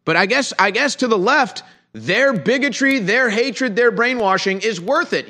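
A man's voice: sits high, expressive, normal speed, sharp tone. A middle-aged man hosting a heated political commentary show, sarcastic and full of rhetorical questions.

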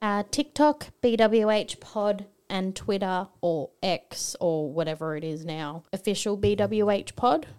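An Australian woman co-hosting a casual podcast, her voice smooth and clear. She chimes in with short, blunt verdicts. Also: mid-range voice, a little slow, hardly any pauses, darkish tone. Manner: blunt, short dismissive remarks. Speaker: podcast co-host. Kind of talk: casual chat.

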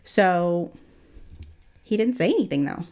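A woman telling a true-crime story in casual chat, animated, laughing often and acting out quotes. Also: lowish voice, measured pace, crowd noise. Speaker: guest storyteller.

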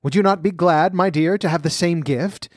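A man voicing a harsh, greedy mother in a fairy tale, shrill and scolding. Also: normal speed, dry recording, clean studio sound, close to an everyday voice. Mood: excited.

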